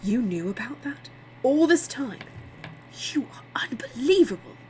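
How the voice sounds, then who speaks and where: A woman's voice: high voice, big pitch swings, unhurried, darkish tone, slight background noise, pitched above the performer's own voice, poor audio. A woman voicing an outraged, betrayed young man.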